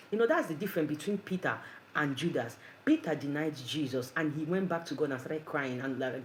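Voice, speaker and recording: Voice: mid-range voice, expressive, a little fast, a little hiss or hum, poor audio. An earnest preacher gives a conversational devotional talk full of rhetorical questions.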